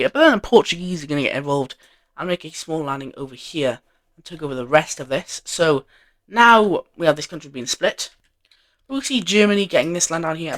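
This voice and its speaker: A man's voice: on the high side, a bit bright. A man narrating an alternate-history map in a casual, rambling way, full of fillers and offhand self-corrections.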